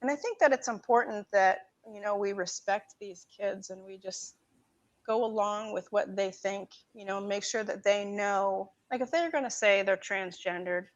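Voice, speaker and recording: Woman, guest, casual rambling talk, animated at points, muffled lo-fi audio. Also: medium pitch, normal speed. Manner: rambling, many fillers and restarts, animated when making a point. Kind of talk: casual conversation. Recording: dull lo-fi audio.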